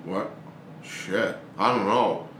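A man's voice: on the low side, slow pace, a bit bright. A man playing a tabletop game in a brash, playful way, talking in character. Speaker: player. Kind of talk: tabletop role-play. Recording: roomy with faint noise.

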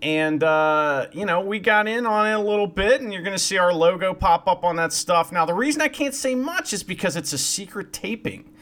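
A man's voice: sits high, brisk, hardly any pauses, a bit bright. A man co-hosting a podcast in casual chat, chatty and laughing, cursing now and then. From Ohio, USA. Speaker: podcast co-host.

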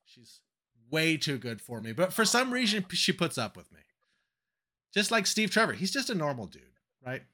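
Bright, slightly high-voiced man chatting. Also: sing-song, normal speed. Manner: self-deprecating, chatty. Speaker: podcast co-host. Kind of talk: casual chat.

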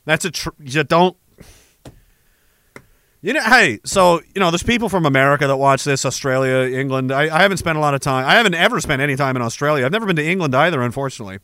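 Sarcastic ranting man, bright sharp voice. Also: on the high side, lively intonation, fast, smooth, no room sound. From Canada. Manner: rambling, sarcastic, profane, laughs between thoughts. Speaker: vlogger. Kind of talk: comedic rant.

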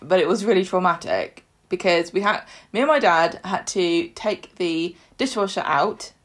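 A woman co-hosting a podcast in casual chat, telling stories animatedly with laughs and loud acted quotes. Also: on the low side, normal speed. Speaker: podcast co-host.

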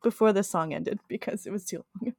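A woman's voice: medium pitch, fairly quick, gravelly, a little mellow, breathy edge, no room sound, studio quality. A young woman co-hosting a podcast, telling stories in a chatty way and laughing often. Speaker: podcast co-host. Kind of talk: casual chat.

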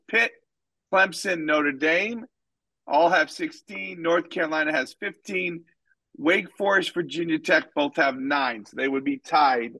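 A man, a soccer coach co-hosting a podcast, chatting casually and rambling through animated stories with many fillers. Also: on the high side, no room sound, low-quality recording. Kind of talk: casual chat and storytelling.

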